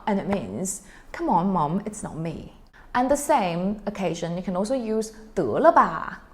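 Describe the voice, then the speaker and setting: A woman's voice: mid-range voice, big pitch swings, measured pace. A woman from China, a language teacher who explains phrases to learners and acts them out with exaggerated annoyed intonation.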